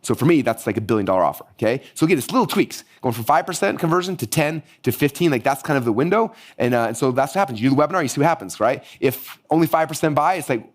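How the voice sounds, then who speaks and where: A man teaching a live online marketing workshop, energetic and hyped-up, his voice going hoarse. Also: mid-range voice. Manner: energetic, hyped-up, rapid-fire. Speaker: marketing course instructor.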